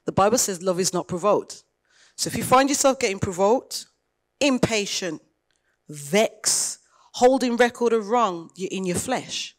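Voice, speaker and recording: A woman pastor, preaching a sermon in a conversational way and retelling dialogue with lively emphasis. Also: medium pitch, unhurried.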